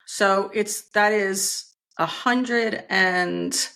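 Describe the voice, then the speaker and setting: A woman guest on a podcast who chats casually and throws in quick, playful jokes. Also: medium pitch, vocal fry, pushed and bright. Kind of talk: casual chat.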